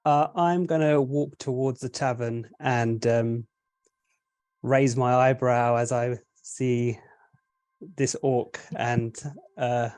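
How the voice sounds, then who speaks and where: A man's voice: mid-range voice, fairly even intonation, takes it slowly, a little mellow. A man playing a tabletop game, easygoing and a little hesitant, with chuckles. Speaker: player. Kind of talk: casual tabletop play.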